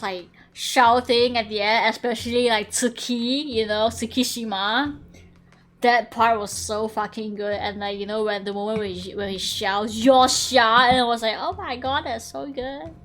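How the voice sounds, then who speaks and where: Excitable young woman streaming a game. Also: medium pitch, normal speed. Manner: excitable, gushing, swears a lot. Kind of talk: casual game-stream commentary. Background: faint game music.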